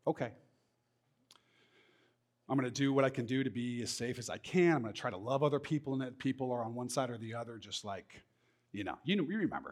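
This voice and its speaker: A middle-aged man preaching a sermon as pastor, talking in a lively conversational way and slipping into mock voices. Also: mid-range voice.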